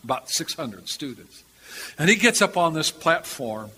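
An older male preacher telling stories from the pulpit, animated and doubling back on his words for emphasis. His voice is high and bright, with a sharp edge. It rings through a large reverberant church hall over a faint murmur of ambience. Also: moderate pace, slight background noise. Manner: animated, repeats himself for emphasis. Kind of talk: storytelling sermon.

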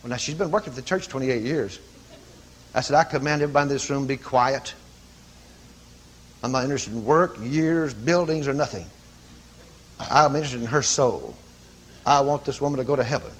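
A man preaching, telling a story with animated, commanding calls. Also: mid-range voice, a little fast, pauses often, slightly rough. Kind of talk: sermon storytelling.

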